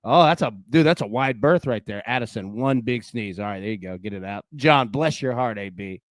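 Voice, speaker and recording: A young man hosting a casual live sports-betting show, chatty and animated, calling people "dude" and "man". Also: medium pitch, a little fast, dry recording, clean studio sound. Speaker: host.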